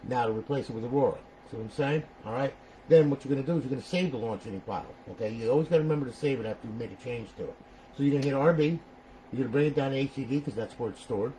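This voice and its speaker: A middle-aged man in a relaxed walkthrough, talking a buyer through his console step by step. He keeps checking in after almost every phrase with a quick "okay?" or "all right?", in an easygoing, chatty way. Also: medium pitch, slight background noise, low-quality recording. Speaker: console modder showing a buyer his system. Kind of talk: casual screen walkthrough.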